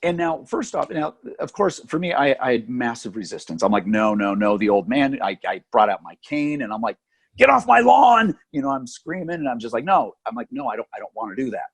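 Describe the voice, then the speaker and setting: A man's voice: mid-range voice, a little fast, hardly any pauses, breathy edge. A middle-aged man telling a story in casual chat as a podcast co-host, acting out the voices of the people in it. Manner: animated, acts out voices in his anecdotes.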